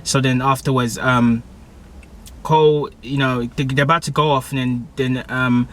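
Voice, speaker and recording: A young man recapping a TV episode in a casual, excitable way, full of slang, fillers and restarts. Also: mid-range voice, normal speed. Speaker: TV show reviewer.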